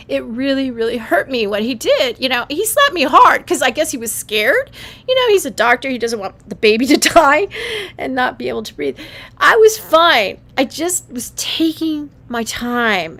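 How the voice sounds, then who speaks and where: A woman hosting a livestream, talking in a casual, animated way and often restarting her sentences. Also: moderate pace. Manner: animated, breaks into high squeals when quoting herself, frequent laughs and restarts. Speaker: livestream host. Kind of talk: casual monologue.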